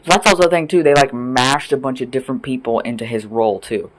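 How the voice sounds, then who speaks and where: A man's voice: mid-range voice, quick pace, a bit bright, rough recording. A man ranting to camera in an indoor room, heated, profane and emphatic, repeating his points. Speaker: vlogger.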